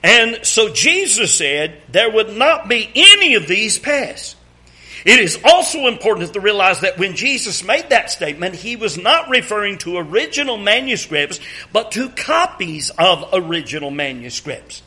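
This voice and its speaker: High, bright-voiced preacher, slow and deliberate. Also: male voice, very animated. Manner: reads scripture aloud, asks congregation to read along; deliberate, emphatic rhetorical questions. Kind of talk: sermon.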